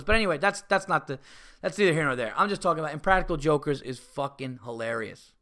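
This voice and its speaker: A man hosting a podcast, telling rambling stories in casual chat. He swears often and gets loud and excitable. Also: on the high side, fast. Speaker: podcast host and comedian. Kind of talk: casual storytelling monologue.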